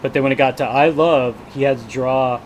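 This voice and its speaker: A man in casual podcast chat, walking through a film scene by scene and slipping into quoted lines along the way. His voice sits at an ordinary pitch for a man. There is a faint steady noise under the recording. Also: brisk, low-quality recording. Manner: retells scenes with acted-out quotes and swearing. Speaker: podcast co-host. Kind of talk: casual movie discussion.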